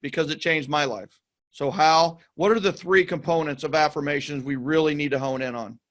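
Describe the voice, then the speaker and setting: A man's voice: a little high, fairly even intonation, moderate pace, a bit bright. A man hosting a podcast, asking questions with enthusiasm, often repeating words and urging his listeners on. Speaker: podcast host. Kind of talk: conversational interview.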